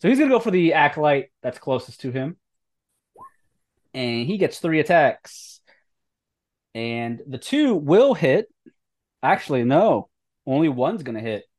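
Man, game master, tabletop narration, brisk rules talk. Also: a little high, very animated, a little mellow.

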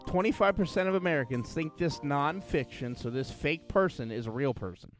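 Joking male co-host with lively pitch. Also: faint music behind. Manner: joking, quick comebacks. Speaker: podcast co-host. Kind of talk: casual chat.

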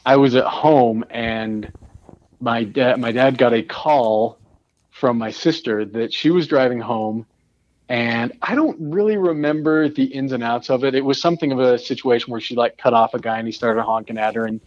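A man in a casual chat, joking and halting, with lots of fillers and restarts. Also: medium pitch, a little mellow. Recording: slightly dull dry sound.

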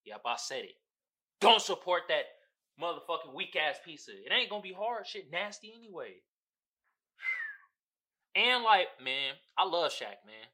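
A man rants solo on his podcast. His voice is lively and swoops up and down, with a very bright, sharp edge. He curses freely and jumps from loud outbursts to low mutters. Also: normal speed, pauses often. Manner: profane, heated, swings between loud outbursts and low mutters. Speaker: podcast host. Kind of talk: casual solo rant.

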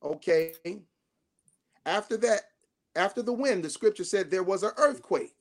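A bishop preaches with a high voice and a Southern Black way of speaking. He builds phrases up to near shouts, then sinks into soft, slow repeats so his listeners answer him. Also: lively intonation. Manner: call-and-response preaching, rising to shouts then dropping to hushed tones. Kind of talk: sermon.

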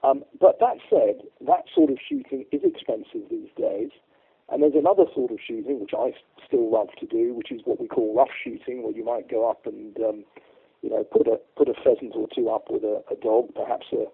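Man, gravelly husky voice, rambling chatty guest, tinny phone-like line. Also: mid-range voice, big pitch swings, brisk. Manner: rambling, chatty, many fillers and restarts. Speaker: guest, shooting expert. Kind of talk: casual interview storytelling.

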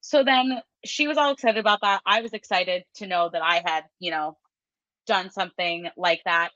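Bright, lively woman tarot reader. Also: on the low side, normal speed, dry recording. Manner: animated storyteller, laughs often. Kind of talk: casual podcast chat. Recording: dull lo-fi sound.

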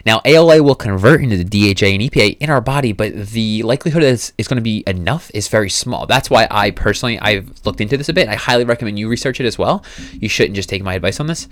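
A man with a lowish voice talks through fitness advice on his own podcast, loose and casual and swearing freely. The sound is dry and close, with no room around it. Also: expressive, fast, a bit bright, no room sound. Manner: casual, profane, self-coaching. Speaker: podcast host.

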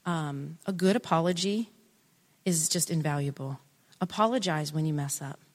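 A middle-aged woman giving an earnest, animated talk, often interrupting herself. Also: low voice, moderate pace, long reverb tail. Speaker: speaker on family relationships. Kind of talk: casual talk.

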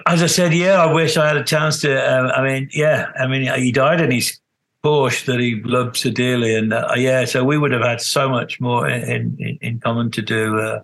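A middle-aged man with a medium-pitched, slightly bright voice speaks at a normal pace on a low-quality recording. He's a guest musician in a casual interview, telling rambling stories with many restarts and acting out the quotes.

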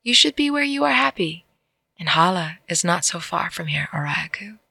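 A blunt, stubborn young heroine, as a woman reading the story puts her on, a touch higher than the narration. The voice is gravelly with a strong fry, and it sits close and dry with no room sound. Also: very animated, normal speed, sharp tone, dry recording, heavily acted. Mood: tender.

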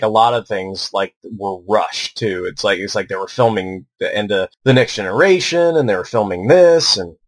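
Male podcast co-host, middle pitch, dry close sound, rambling and cursing casually. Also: dry recording. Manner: rambling, stammering, swears freely, heavy filler words.

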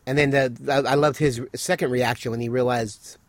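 A man's voice: medium pitch, steady tone, a little fast, dry recording. A man in casual chat, reviewing a TV episode with a co-host, enthusiastic and filling his talk with "I mean" and "you know". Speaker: podcast co-host.

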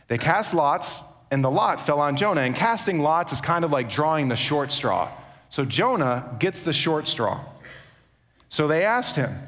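A man preaching a sermon, telling the story in an animated way and acting out the quotes. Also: fairly high pitch, normal speed. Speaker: pastor. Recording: long hall reverb.

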